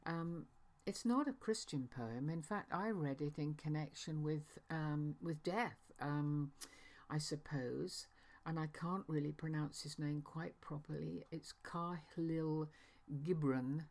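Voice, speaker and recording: Low-voiced, hesitant reflective woman. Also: slow pace, darkish tone. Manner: hesitant, thoughtful, with fillers and restarts. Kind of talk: reflective talk.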